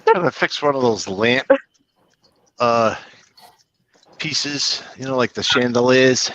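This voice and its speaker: A man's voice: medium pitch, takes it slowly, a bit bright. A man with a Rhode Island accent tinged with Italian-American speech, joking wryly in casual chat on a live stream. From Rhode Island, USA. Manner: joking, wry storyteller.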